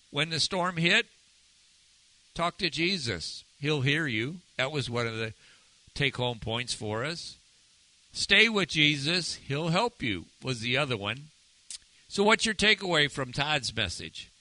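A man teaching a Bible lesson in a conversational, animated way, retelling passages and asking his listeners questions. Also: mid-range voice, no room sound, poor audio. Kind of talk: informal sermon teaching.

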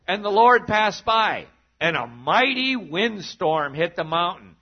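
A male pastor preaching with a fairly high voice, swinging from animated to hushed. The recording sounds a little dull and muffled. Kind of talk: sermon.

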